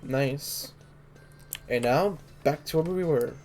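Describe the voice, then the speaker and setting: A let's play host sits with the game, reading each line of on-screen dialogue aloud in a flat, even voice. In the pauses they hum, sing little nonsense tunes and make small reactions. The delivery is relaxed and unhurried. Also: medium pitch, soft background music.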